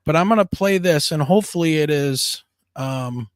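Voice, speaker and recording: A man's voice: fairly high pitch, normal speed, dry recording, clean studio sound. A man hosting a casual livestream interview, talking loosely with fillers and restarts. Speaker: show host.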